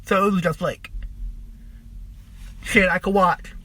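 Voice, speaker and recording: A man's voice: sits high, fairly even intonation, takes it slowly, pushed and bright, no echo. A man hosting a podcast, telling a personal story in a rambling, profane way, full of fillers. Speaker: podcast host.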